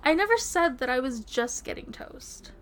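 A woman's voice: high voice, sing-song, normal speed, a bit bright. A woman playing a playful, teasing young girlfriend in a romantic audio role-play, giggling often.

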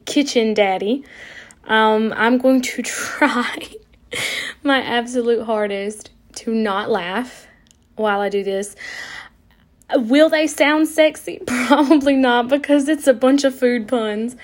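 A young woman chatting casually before an audio recording, giggly and self-mocking. Her voice is high, and she talks at an unhurried pace. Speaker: audio creator.

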